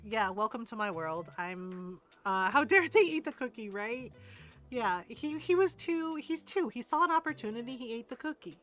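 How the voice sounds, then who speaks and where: An older woman with a fairly high voice chats casually as she streams a game. She tells stories with frequent laughs and keeps asking "right?". Soft music plays faintly behind her. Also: animated, normal speed. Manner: chatty storyteller, laughs often, says "right?" a lot. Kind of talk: casual chat while playing a game.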